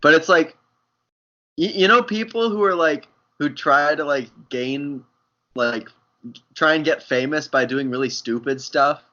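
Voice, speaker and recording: Young male co-host, slow, hesitant casual talk, bright tone, lo-fi podcast audio. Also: on the high side. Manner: hesitant, halting, full of fillers. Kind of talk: casual chat.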